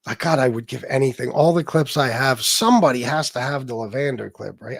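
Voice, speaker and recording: A middle-aged man hosting a casual livestream, telling stories in a profane, mocking and lively way. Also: medium pitch, a little fast, vocal fry, no room sound. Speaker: livestream host.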